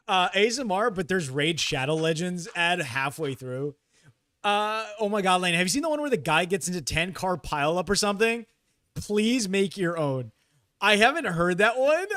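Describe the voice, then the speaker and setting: Man streaming late at night, fairly high voice, bouncy lively pitch, laughs a lot, faint game music behind. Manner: excitable, laughs often, reads chat aloud. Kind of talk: casual late-night live stream chat.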